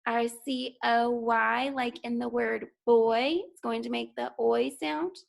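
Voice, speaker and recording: Slow, gravelly-voiced woman teaching phonics. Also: fairly high pitch, steady tone. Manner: slow, clear, encouraging; sounds out words. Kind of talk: phonics lesson for young children. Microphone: recorded for school TV.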